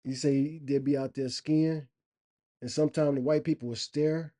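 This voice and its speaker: A man's voice: a little high, fairly even intonation, normal speed, mellow. A middle-aged man telling stories to camera in an earnest, emphatic way, drawing out his phrases. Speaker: vlogger. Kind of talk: casual storytelling monologue.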